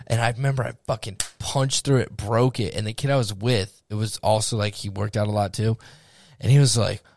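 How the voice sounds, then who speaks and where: A man's voice: fairly low pitch, fairly quick, creaky, no echo, clean studio sound. A young man co-hosting a podcast, telling a story in casual chat, swearing and acting out what people said. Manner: animated storyteller, swearing, acts out quotes. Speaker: podcast co-host.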